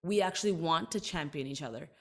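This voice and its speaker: A woman's voice: low-pitched, fairly bright tone. A woman in her thirties speaking earnestly and reflectively as a podcast interview guest. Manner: earnest, reflective, quick to emphasize. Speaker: guest, entertainer and author.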